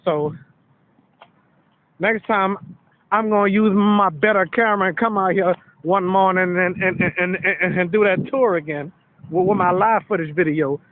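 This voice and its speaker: A man's voice: high voice, fairly even intonation, normal speed. A man giving a rambling walking tour of a park sports field, out of breath and repeating himself. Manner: rambling, repeats words, many fillers. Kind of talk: casual walking vlog narration. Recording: tinny lo-fi phone-like audio with loud noise.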